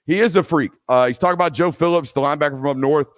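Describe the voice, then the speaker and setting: A man with a fairly high pitch talks in rapid-fire bursts as host of a live sports talk show. He rants emphatically, repeating himself for effect, then takes questions from the audience, all in clean studio sound with no room sound.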